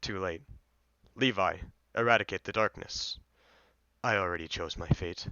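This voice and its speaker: Dude reading a cool defiant kid grilling a demon, smooth bright voice, dry dull mic. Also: male voice, low-pitched, normal speed, dry recording, voice pushed down. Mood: cold. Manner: blunt, demanding questions. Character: young man interrogating a demon, cool and defiant.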